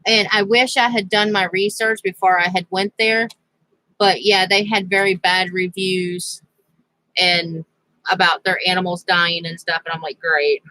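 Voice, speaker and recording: A woman's voice: on the low side, flat delivery, a little slow, bright, forceful tone, no room sound, poor audio. A woman vlogger telling a rambling personal story in a casual, chatty way, laughing now and then. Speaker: crafting vlogger.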